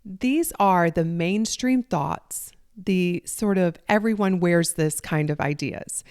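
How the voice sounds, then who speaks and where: A woman's voice: lowish voice, no echo, studio quality. Earnest Southern woman podcast host. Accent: Southern US country. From Southern United States. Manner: warm, earnest, conversational. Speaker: podcast host, life coach. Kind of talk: solo podcast monologue.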